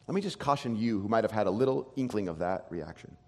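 A man preaching a sermon as pastor, animated, acting out quoted voices. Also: lowish voice, fast, in a large hall.

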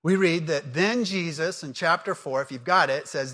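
A man's voice: a little high, moderate pace, hardly any pauses, pushed and bright. A man preaching a sermon, conversational and emphatic, asking the congregation questions and repeating key words. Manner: emphatic repetition. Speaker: pastor.

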